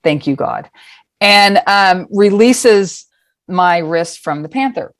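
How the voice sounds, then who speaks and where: Frank, low-voiced woman guest. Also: expressive, slow pace, no echo. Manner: frank, rambling, profane. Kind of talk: casual storytelling.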